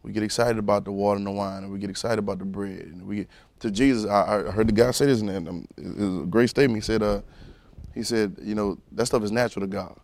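A man preaching a sermon, moving from low musing to loud fervent preaching and calling out to the congregation. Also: fairly even intonation, quick pace, no echo. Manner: calls out to the congregation.

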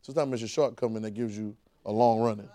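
A man's voice: on the low side, steady tone, fast talker, warm tone. A man preaching a sermon in a conversational, vernacular way, with frequent restarts and call-and-response with the congregation.

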